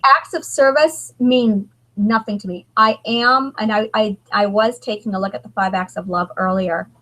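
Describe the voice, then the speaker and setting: A woman in her thirties speaks as a guest author in a candid conversation. She halts and restarts often as she talks. Her pitch sits in the middle range. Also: steady tone, bright, forceful tone, rough recording. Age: 30s. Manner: halting, emotional, many restarts.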